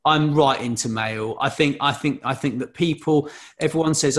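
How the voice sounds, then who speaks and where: A man's voice: a little high, normal speed, few pauses. A man hosting a casual business chat, telling an anecdote with lots of restarts and repeated words. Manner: animated storyteller, many restarts and repeats.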